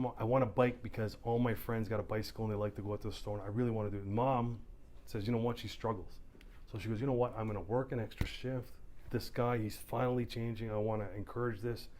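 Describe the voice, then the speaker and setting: With a voice on the low side and slight background noise around him, a middle-aged Canadian police officer gives a community town hall talk in a community hall. He acts out voices while telling his stories with plenty of animation.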